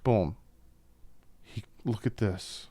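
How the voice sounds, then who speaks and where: Low-voiced man breaking down game film. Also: drawn-out words, slightly rough, no echo. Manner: animated, opinionated fan commentary with frequent asides. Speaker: YouTube football film-study host.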